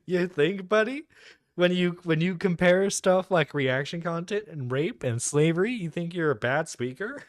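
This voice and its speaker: A man's voice: high-pitched, lively intonation, moderate pace, dry recording, clean studio sound. A man on a played reaction stream, laid-back and sarcastic, leaning on "dude" and filler words.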